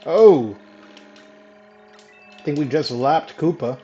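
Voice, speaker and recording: A man with a medium-pitched, slightly mellow voice talks at normal speed while live-streaming a video game, chatting casually with viewers, laughing easily, and swearing now and then. The dull lo-fi mic carries a little hiss or hum and faint music.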